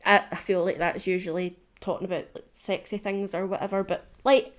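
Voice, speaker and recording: A woman's voice: mid-range voice, flat delivery, brisk. A young woman hosting a solo podcast, talking candidly and rambling a little, laughing often and swearing casually. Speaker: podcast host.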